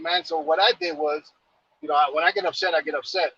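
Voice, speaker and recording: A man's voice: sits high, sing-song, fast, gravelly, bright, forceful tone, muffled recording, slight background noise. A man from New York casually telling a long, rambling story, full of fillers and repeated phrases.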